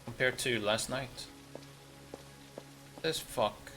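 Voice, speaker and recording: A man's voice: mid-range voice, drawn-out words, faint music behind. A man streaming a game, giving casual, blunt and sarcastic commentary, with some swearing. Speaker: gaming streamer.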